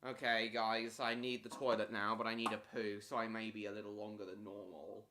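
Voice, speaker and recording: A man's voice: fairly low pitch, level tone, fairly quick, bright, forceful tone, a little hiss or hum. Guy on a home livestream just chatting and answering chat. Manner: chatty, answers viewers' chat messages one by one. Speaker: live streamer. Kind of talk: casual live stream chat.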